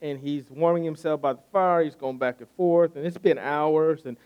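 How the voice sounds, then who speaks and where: A man preaching in a loose, conversational way, his voice sitting a little higher than most men's. He retells a scripture story and keeps doubling back on his words as he talks. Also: normal speed, smooth, muffled recording. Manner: conversational, repeats words when restarting. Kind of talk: sermon storytelling.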